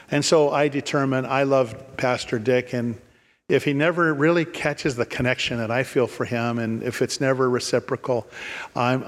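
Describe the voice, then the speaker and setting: A man in his fifties or older preaches a sermon from a church pulpit. He tells a personal story and often restarts and repeats words. His mid-pitched voice rings out with a long reverb through the sanctuary. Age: 50s or older. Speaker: pastor.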